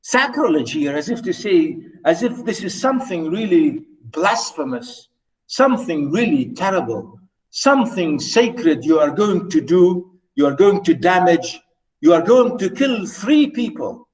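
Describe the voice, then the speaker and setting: Man, poetry lecturer, slow deliberate delivery, asks the class questions, reads verse aloud, off-mic distance. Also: high-pitched, sing-song, a little mellow. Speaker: literature lecturer.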